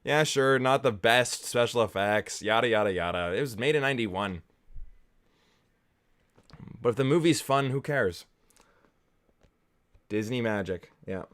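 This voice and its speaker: A man's voice: mid-range voice, expressive, measured pace, long pauses, a bit bright. A man hosting a casual movie watch-along commentary, rambling and enthusiastic. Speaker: film reviewer, host.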